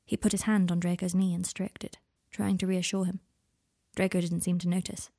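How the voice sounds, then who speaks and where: A woman narrating fan fiction in a measured, intimate storytelling voice. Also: lowish voice, level tone, creaky, mellow.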